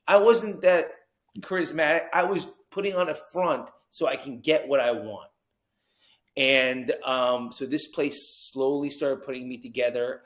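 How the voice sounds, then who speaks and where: A man from New Jersey, a podcast guest telling his story with animated energy and acted-out quotes. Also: mid-range voice. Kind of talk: storytelling interview.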